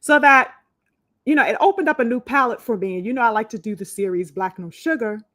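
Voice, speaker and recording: A woman's voice: fairly high pitch, fairly quick, fairly bright tone, dry recording, clean studio sound. Chatty woman hosting a live podcast. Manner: chatty, many fillers and restarts, greets viewers by name. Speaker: podcast host. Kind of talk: casual live-stream talk.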